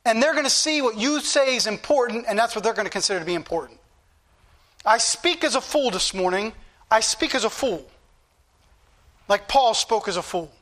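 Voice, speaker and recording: A man's voice: sits high, fairly bright tone. A middle-aged man preaching a sermon with impassioned emphasis and shifting pace. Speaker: pastor.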